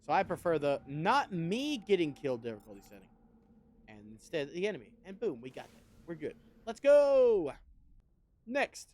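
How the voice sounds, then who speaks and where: Chatty male game streamer, lively pitch. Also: brisk. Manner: chatty, wry, swears casually. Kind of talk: casual gameplay commentary.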